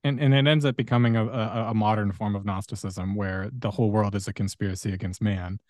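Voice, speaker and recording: A man's voice: lowish voice, fairly even intonation, brisk, a little mellow, dry recording, clean studio sound. A man hosting a podcast, telling long stories in a rambling, casual way with many fillers. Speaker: podcast host.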